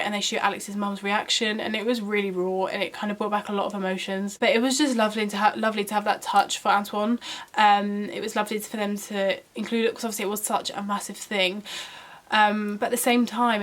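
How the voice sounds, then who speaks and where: A woman's voice: mid-range voice, a bit bright. A young woman vlogging at home, giving a casual, emphatic opinion chat full of "like" and "um". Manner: chatty and emphatic, many "like" and "um" fillers. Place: room at home.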